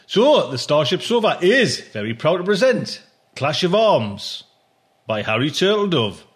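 A man's voice: fairly high pitch, sing-song, a little slow. A man hosts a podcast and chats casually between segments. He talks informally, rambling, with plenty of fillers. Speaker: podcast host. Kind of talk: casual chat.

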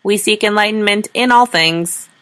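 A woman voicing an alien translation device that speaks in slow, stilted, oddly worded phrases. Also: medium pitch, a bit bright, pitched above the performer's own voice, natural voice. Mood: cryptic. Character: cryptic alien translation device, sexless machine.

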